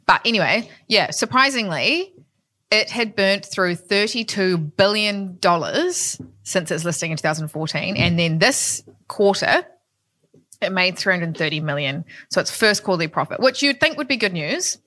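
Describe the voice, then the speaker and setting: A woman's voice: mid-range voice, expressive, normal speed, sharp tone. A young woman, co-hosting a casual podcast and chatting about money news with plain, laughing explanations. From New Zealand. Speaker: podcast co-host.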